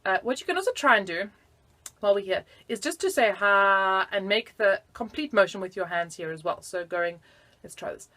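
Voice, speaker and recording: A woman's voice: mid-range voice, animated, moderate pace, pushed and bright. A woman teaching flute in a casual video lesson, chatty and giggly with self-deprecating asides.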